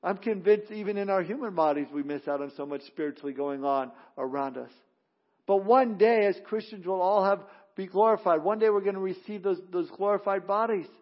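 High-voiced preaching pastor. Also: male voice, fairly quick, muffled recording. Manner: preaching with rising emphasis and frequent restarts. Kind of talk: sermon.

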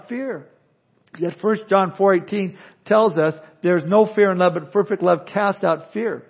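Animated preaching man, high voice. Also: unhurried, husky, highs cut off. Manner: animated, acts out imagined speakers. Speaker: pastor. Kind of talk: sermon.

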